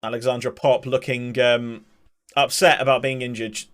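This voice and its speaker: Man doing excitable stream commentary. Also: normal speed. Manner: excitable play-by-play that surges in pitch at attacks, chatty asides to chat. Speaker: streamer and amateur match commentator. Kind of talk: live watch-along commentary mixed with reading chat.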